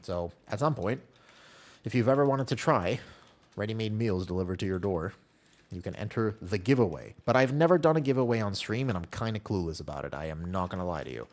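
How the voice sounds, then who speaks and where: Male streamer, animated pitch, loose rambling self-mocking chatter, talks back to chat at his home desk mic. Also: fairly quick. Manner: rambling, self-deprecating storytelling; reads chat messages aloud and answers them. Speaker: game streamer. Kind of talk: casual live-stream chat.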